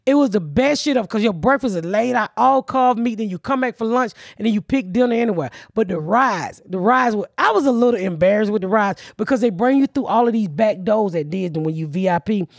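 Loud, profane woman telling a story. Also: medium pitch, fairly quick, few pauses, no echo, clean studio sound. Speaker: podcast host. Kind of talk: casual storytelling chat.

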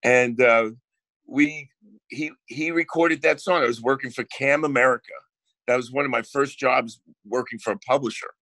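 Brash New Jersey man, bright voice. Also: mid-range voice, fairly even intonation, normal speed, no room sound. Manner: brash storytelling, swears freely. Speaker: guest songwriter. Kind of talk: casual podcast chat.

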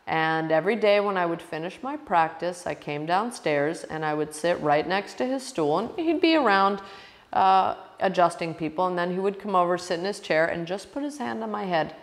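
A woman yoga teacher telling a personal story in an emotional, expressive way, often restarting her sentences. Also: fairly low pitch, moderate pace, in a large hall.

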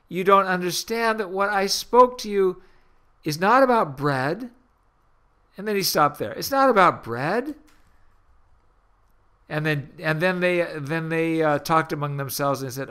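Earnest man preaching a slow radio sermon. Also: a little high, expressive, bright, forceful tone, clean tone. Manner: earnest preaching with emphatic rises and slow drawn-out phrases. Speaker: podcast host and minister.

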